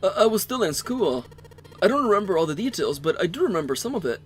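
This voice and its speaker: A man's voice: high voice, big pitch swings, quick pace, voice pushed up. A man voicing a jumpy, impatient young man who stammers out pushy questions, reading a visual novel aloud. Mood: pressing.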